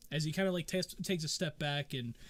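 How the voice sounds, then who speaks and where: A man's voice: fairly high pitch, a little fast. A man narrating as game master of a tabletop game, talking loosely with many fillers.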